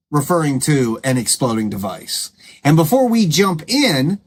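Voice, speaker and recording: A man hosting his own commentary show, scolding and sarcastic as he rebuts claims, with an emphatic, combative delivery. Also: a little high. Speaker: commentary channel host.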